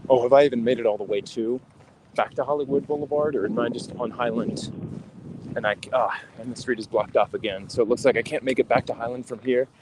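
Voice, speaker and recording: A man in his twenties livestreaming as he walks city streets, talking in a halting, reflective way with frequent sighs. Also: mid-range voice, steady tone, noisy background. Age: 20s. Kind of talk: walking livestream talk.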